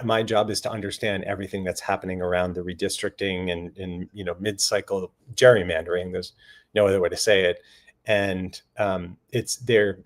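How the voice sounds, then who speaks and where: A man speaking as a panel guest in a casual discussion, earnest and animated, slipping quick quoted asides into his stories. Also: fairly low pitch. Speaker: panel guest on voting and redistricting.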